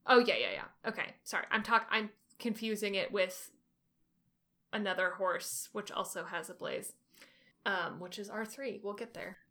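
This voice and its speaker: A woman co-hosting a casual podcast. Her voice sounds bright and forward, at a middle pitch. She talks in an animated way and often stops to correct herself. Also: moderate pace. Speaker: podcast co-host. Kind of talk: casual chat.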